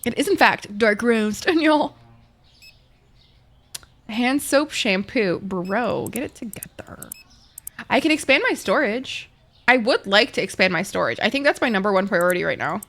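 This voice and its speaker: A woman's voice: mid-range voice, lively intonation, normal speed, a bit bright. Woman, gaming livestream, casual chat, swears often, talks to viewers. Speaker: streamer.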